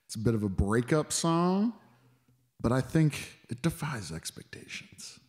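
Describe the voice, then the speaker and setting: A man with a baritone speaking voice, a musician guest chatting casually in a radio studio and rambling with lots of fillers. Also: measured pace. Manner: relaxed, rambling, full of "like" fillers. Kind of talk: casual interview chat.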